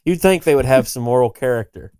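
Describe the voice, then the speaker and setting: A man's voice: medium pitch, expressive, fairly quick, mellow, smooth, no room sound, studio quality. A man co-hosting a podcast, telling a story in casual, emphatic, joking chat. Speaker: podcast co-host.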